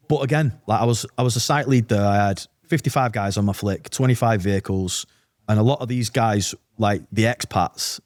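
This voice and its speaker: British man, veteran podcast guest, lowish voice, quick blunt storytelling, dry close sound. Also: darkish tone, dry recording. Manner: blunt, swearing, fast storytelling with quoted dialogue. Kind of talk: casual storytelling interview.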